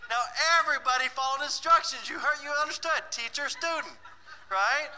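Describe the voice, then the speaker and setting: High, bright-voiced man running a workshop. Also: brisk, a little hiss or hum, rough recording. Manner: teasing, bossy and playful with the audience; laughs often between remarks. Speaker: financial workshop presenter. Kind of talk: live workshop teaching.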